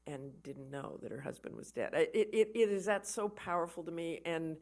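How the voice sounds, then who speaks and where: A woman giving a conversational lecture to an army audience, telling stories with animated emphasis and often repeating words as she starts a thought. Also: fairly low pitch, moderate pace. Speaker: guest lecturer, war correspondent. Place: lecture event for an army association.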